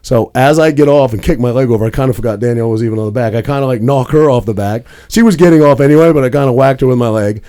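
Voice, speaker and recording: A man's voice: medium pitch, racing, hardly any pauses, mellow, smooth. A young man co-hosting a podcast, telling a rambling story in casual chat with plenty of swearing. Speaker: podcast co-host.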